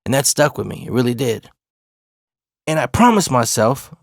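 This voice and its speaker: Gravelly man in his forties telling stories. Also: medium pitch, lively intonation, normal speed, long pauses, dry recording, clean studio sound. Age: 40s. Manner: profane, laid-back street talk. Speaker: storyteller. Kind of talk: casual personal storytelling.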